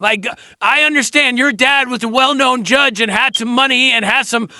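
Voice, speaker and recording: A man's voice: very high-pitched, normal speed, pushed and bright, no echo. A man hosting a commentary video, mocking and lecturing in a sarcastic tone with some ums. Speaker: commentary host.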